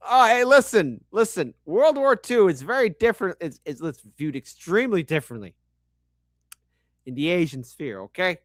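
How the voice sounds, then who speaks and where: A man hosting reaction commentary, animated and sarcastic, swearing often and talking with lots of fillers. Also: high-pitched, normal speed, dry recording, clean studio sound. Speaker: commentary host.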